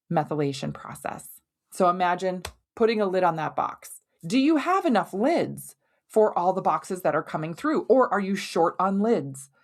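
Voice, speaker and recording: A woman with a slightly low-pitched voice talks through a health topic as a podcast host. Her delivery is conversational and animated, and she keeps reaching for everyday comparisons to make a point land. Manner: explains with homely analogies, conversational and animated. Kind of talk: educational podcast monologue.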